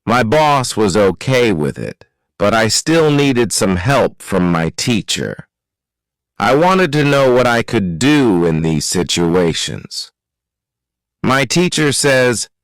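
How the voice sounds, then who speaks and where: Slow, clear male story narrator. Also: fairly low pitch, big pitch swings, no room sound, poor audio. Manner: slow, careful, clearly articulated reading. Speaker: narrator of a graded reader. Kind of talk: slow scripted narration for learners.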